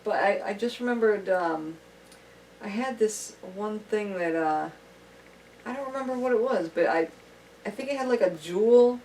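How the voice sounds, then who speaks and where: A woman guest in casual conversation, chatty and halting, with many fillers. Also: medium pitch, darkish tone. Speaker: podcast guest. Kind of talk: casual chat. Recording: distant mic with faint room noise.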